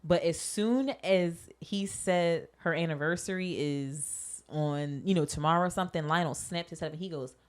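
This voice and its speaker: A young adult woman co-hosting a podcast, chatting casually and telling stories with animated quoted voices. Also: fairly low pitch, normal speed, hardly any pauses. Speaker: podcast co-host. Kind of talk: casual chat.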